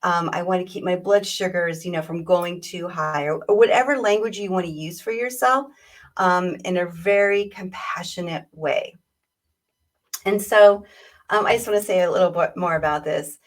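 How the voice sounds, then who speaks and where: A woman's voice: on the low side, normal speed, recorded from a distance. A woman diabetes educator on a webinar, speaking conversationally and acting out little exchanges with patients. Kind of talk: webinar talk. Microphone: video call.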